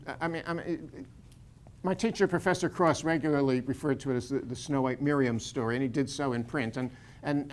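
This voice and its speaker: A man's voice: mid-range voice, slight background noise. An older man, a Bible scholar, gives an informal lecture full of anecdotes, with frequent fillers and restarts. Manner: digressive, many fillers and restarts.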